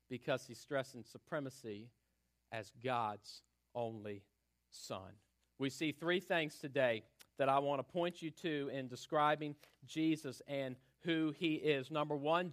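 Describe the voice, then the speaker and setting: Man, earnest sermon delivery, emphatic, pausing, mid pitch. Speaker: preacher. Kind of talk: sermon with prayer and scripture reading.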